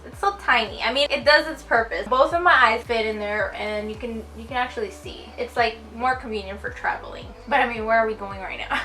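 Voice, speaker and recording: A woman's voice: on the high side, brisk, pushed and bright, soft background music. A woman beauty vlogger chatting casually through a product unboxing, gushing and giggling as she goes.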